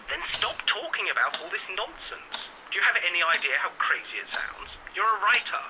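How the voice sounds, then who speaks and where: Sarcastic skeptic friend. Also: male voice, high voice, sing-song, moderate pace. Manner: mocking, dry sarcasm. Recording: heavy hiss, phone-line sound.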